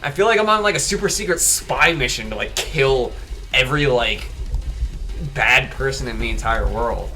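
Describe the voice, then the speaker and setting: A man's voice: medium pitch, moderate pace, bright, forceful tone, soft background music. A man playing a game and joking casually, reading the game text aloud and swearing freely. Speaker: gaming video host. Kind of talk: casual let's play commentary.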